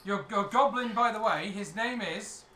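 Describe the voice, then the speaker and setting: A man narrating a tabletop game as dungeon master, explaining rules and describing scenes in a relaxed way. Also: high-pitched, moderate pace. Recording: echoey room, mic from some distance, faint noise.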